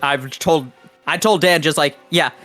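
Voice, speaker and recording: A man chatting casually on a game stream, laid-back and quick with short agreeing replies. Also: fairly high pitch, pushed and bright, faint music behind. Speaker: co-player on the stream. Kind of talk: casual chat while gaming.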